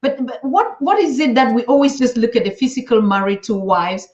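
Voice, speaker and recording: A woman interviewing a guest, halting and restarting as she searches for her words. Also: a little high, a little mellow. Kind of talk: conversational interview. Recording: echoey, dull lo-fi sound.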